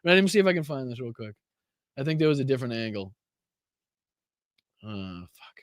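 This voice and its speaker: A man's voice: mid-range voice, sing-song, fairly quick, no room sound, studio quality. Mocking, foul-mouthed man hosting a podcast. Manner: mocking, profane, laughs often. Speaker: podcast host. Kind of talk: casual political commentary.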